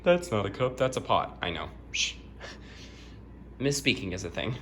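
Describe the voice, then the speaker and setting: A bubbly young man chats his way through making coffee in his home kitchen. He pokes fun at himself and laughs a lot, and his voice swings up and down with a lively pitch. Faint room noise sits under the camera mic. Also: measured pace. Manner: bubbly, self-mocking, laughs often. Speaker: vlogger. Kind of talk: casual kitchen vlog.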